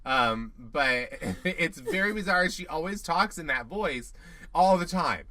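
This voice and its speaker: A man co-hosting a podcast in casual chat, chatty and playful, with quick asides and a knack for mimicking others. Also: a little high, expressive, bright, forceful tone. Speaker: podcast co-host. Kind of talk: casual chat recapping a reality show.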